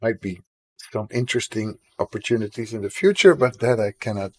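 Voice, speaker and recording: A man with a sore, husky throat, chatting casually with viewers on a live stream while he draws, self-deprecating about his work. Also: lowish voice, a little fast, low-quality recording.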